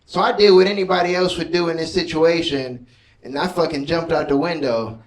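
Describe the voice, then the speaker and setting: A man's voice: a little high, steady tone, a little fast, distant mic, rough recording. A man doing a stand-up comedy set, telling loose stories full of swearing and offhand asides. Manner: loose storytelling, profane, laid-back asides.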